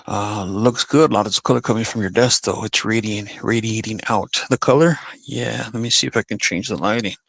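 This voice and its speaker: Man, gravelly, dry close sound; easygoing live-stream host talking to his chat. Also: fairly low pitch, fairly quick, few pauses, fairly bright tone, no echo. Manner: laid-back, chatty, talks to chat as y'all and buddy.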